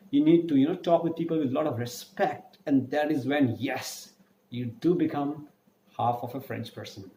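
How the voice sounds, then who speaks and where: A man's voice: fairly high pitch, a little mellow, echoey room. A man teaching a recorded French lesson to school students, chatty, calling his viewers guys and going through recaps and lists.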